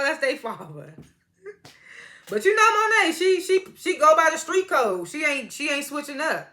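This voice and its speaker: A woman's voice: sits high, big pitch swings, moderate pace, pushed and bright. A woman giving a casual episode recap, retelling scenes by quoting the characters in slangy talk and laughing often. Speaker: TV episode reviewer.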